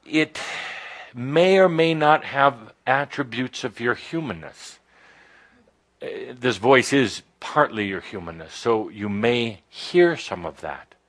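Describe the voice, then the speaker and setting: A man giving a channeled spiritual talk to a live audience indoors, halting and full of pauses and fillers, with playful asides. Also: medium pitch, expressive, a bit bright. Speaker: spiritual teacher channeling a guide.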